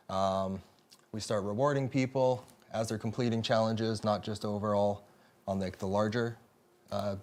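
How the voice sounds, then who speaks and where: A man who works as a live events producer, answering questions in a casual, easygoing way with many filler sounds. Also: fairly low pitch. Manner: easygoing, filler-heavy explaining. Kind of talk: casual desk interview.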